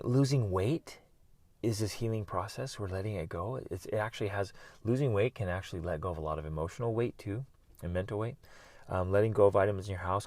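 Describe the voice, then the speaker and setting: This is a middle-aged man talking on his own podcast with a low, gravelly voice. He coaches in an earnest, encouraging way. The sound is dry and close, with no room around it. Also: no echo. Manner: earnest and encouraging, with bursts of loud yelling. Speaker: podcast host and life coach. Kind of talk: motivational solo talk.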